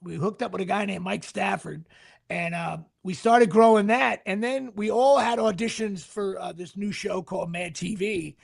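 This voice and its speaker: Middle-aged male actor, high husky voice, rambling casual anecdotes. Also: steady tone, moderate pace. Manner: rambling, restarts sentences, sports asides. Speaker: actor guest.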